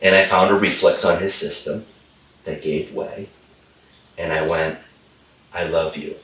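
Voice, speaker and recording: A man's voice: deep voice, fairly even intonation, a little slow, a bit bright, reverberant, recorded from a distance. A middle-aged man, a holistic chiropractor and guest, telling a story with enthusiasm and repeating phrases for emphasis. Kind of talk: animated storytelling in a conversation.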